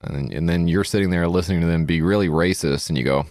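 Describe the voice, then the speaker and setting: Sarcastic deep-voiced man, dry close mic. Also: fast, a little mellow, no room sound. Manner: sarcastic, crude, reviewing a party game. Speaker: podcast co-host. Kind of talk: comedy podcast chat.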